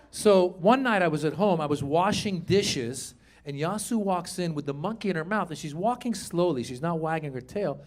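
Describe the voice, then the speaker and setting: A middle-aged man from Iran performing a stand-up routine, telling stories with animated delivery and sudden shouted punchlines. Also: a little high, moderate pace. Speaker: stand-up comedian.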